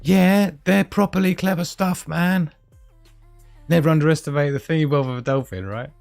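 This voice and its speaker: A man's voice: fairly high pitch, normal speed, vocal fry, darkish tone, dry recording, soft background music. A man hosting a live stream, chatting casually and rambling, often losing his thread mid-sentence. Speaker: livestream host.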